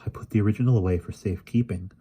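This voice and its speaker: A man reading aloud and voicing a cruel, ancient witch queen with a languid, drawn-out delivery in an audiobook. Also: on the low side, warm tone, slightly rough. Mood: musing.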